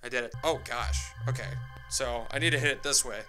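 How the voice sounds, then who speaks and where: A young man giving excitable gameplay commentary, mocking himself and shouting when surprised. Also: mid-range voice, brisk, music in the background. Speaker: gaming YouTuber.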